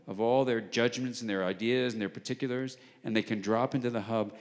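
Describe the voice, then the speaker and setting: A man giving a public lecture, explaining ideas in a conversational way and acting out bits of dialogue, sometimes dropping to a hush. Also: mid-range voice, gravelly. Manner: conversational, acts out dialogue, drops to hushed tones for emphasis. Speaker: guest lecturer. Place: large arts center auditorium. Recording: long reverb of a large hall. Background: live audience.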